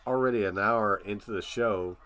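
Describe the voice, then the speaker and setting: Laid-back low-voiced man reacting casually. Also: normal speed, a bit bright. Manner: laid-back, rambling, uses filler phrases. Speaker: live stream reaction host.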